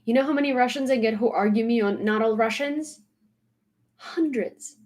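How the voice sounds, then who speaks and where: A woman's voice: on the high side, normal speed, darkish tone. A woman delivering a blunt, exasperated vlog rant, hammering her points home by repeating them. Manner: emphatic, repeating points for stress. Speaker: social media commentator.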